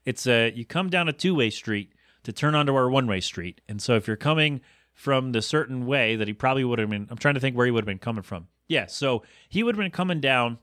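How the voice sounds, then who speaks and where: A man's voice: lively intonation, a little fast, fairly bright tone, no room sound, clean studio sound. A man hosting a podcast, telling a long rambling story in an exasperated, incredulous way. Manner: exasperated storytelling, rising in pitch when incredulous. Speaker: podcast host. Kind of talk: rambling solo podcast monologue.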